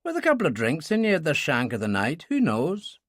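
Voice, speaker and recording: A man's voice: a little high, wildly swooping pitch, a little fast, a bit bright, no room sound, clean studio sound, pitched above the performer's own voice, full character voice. A man voicing a wry, mocking man, in an audiobook.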